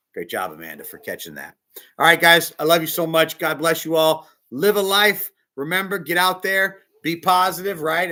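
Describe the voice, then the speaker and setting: A man preaching a casual sermon as a bishop, emphatic, swinging between loud stresses and hushed asides. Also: on the high side.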